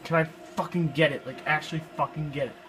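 Poor audio carries this young gameplay commentator's fairly high, slightly bright, steady voice, which moves at a quick pace. He's frustrated and curses often during his let's play, with game music running beneath.

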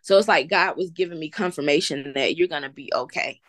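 Earnest Southern woman with a lowish voice. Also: fairly quick, a bit bright, dry recording. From American South. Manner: earnest, faith-filled storytelling. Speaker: guest entrepreneur. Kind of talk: casual interview talk.

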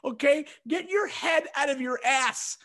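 A man voicing his angry wife, pitching his voice high and loud as she scolds him. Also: measured pace, heavily acted. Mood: furious. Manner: yelling, scolding. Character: angry shrill wife scolding her husband.

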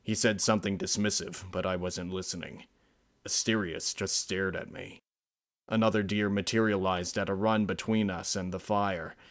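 A man narrating a dark fan-fiction story in a measured, grave storytelling manner. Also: deep voice. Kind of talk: dramatic fan-fiction reading.

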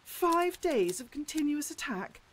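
Anxious hospital worker, high lively voice, doubtful questions, war game, music behind. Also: female voice, a little slow, noisy background. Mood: worried. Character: worried female hospital staffer, anxious. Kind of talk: game voice acting.

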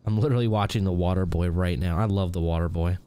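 A man's voice: low-pitched, fairly even intonation, fast talker, mellow, smooth. A man hosting a live stream, reading out viewer names and chatting casually with frequent chuckles. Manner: reads viewer names aloud, chuckles often. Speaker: livestream host.

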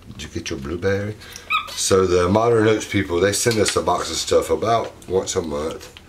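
A man's voice: sits low, moderate pace. A man hosting a casual vlog, coaxing and fussing over his pet monkey in a doting way. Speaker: pet monkey owner and channel host. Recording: clear background noise.

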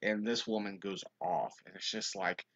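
A young man, a youth minister, telling a funny story in a casual livestream chat and reading viewer comments. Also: moderate pace. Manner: animated storyteller, high-pitched quoted voices. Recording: dull lo-fi livestream audio.

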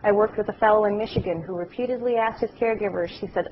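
A middle-aged woman giving a class lecture, telling anecdotes in a lively way and acting out the voices of people she describes. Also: mid-range voice, fast talker, few pauses, highs cut off. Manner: animated storytelling, acts out voices.

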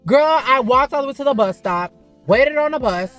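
A woman's voice: high-pitched, lively intonation, normal speed, a bit bright, faint music behind. A woman telling a frank, profane story in a casual vlog, chatting to viewers as "girl" and "baby".

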